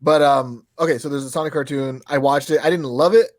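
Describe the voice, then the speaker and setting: A man in his thirties co-hosting a podcast, excitable and swearing freely, his pitch jumping up when he gets worked up. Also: a little fast, no room sound. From Europe. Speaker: podcast co-host. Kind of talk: casual chat.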